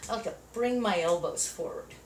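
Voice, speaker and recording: Her voice is mid-range with a darkish tone, and she moves at a moderate pace as she instructs a chair yoga class. Counting the moves and cheering people on, she sounds a little winded; the audio is echoey and faintly noisy, picked up from a distance.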